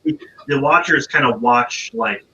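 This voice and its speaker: Distant bright man in echoey room. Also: medium pitch, very animated, measured pace, muffled recording. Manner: eager, explains lore. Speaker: podcast co-host. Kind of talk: casual movie discussion.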